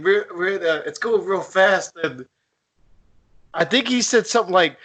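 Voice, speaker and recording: A man's voice: high-pitched, a little slow, sharp tone. A man telling a story as a podcast guest in casual chat, laughing along.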